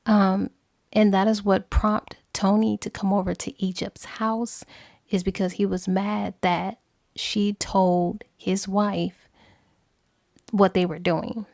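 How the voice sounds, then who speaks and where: A woman book reviewer casually retelling a novel's plot, animated and slipping into acted dialogue. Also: medium pitch, slow pace, vocal fry, dry recording, studio quality.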